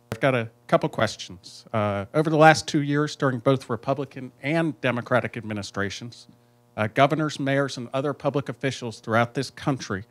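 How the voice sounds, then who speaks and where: A restaurant owner from the United States reading a firm, indignant statement and question at a town hall. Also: male voice, mid-range voice.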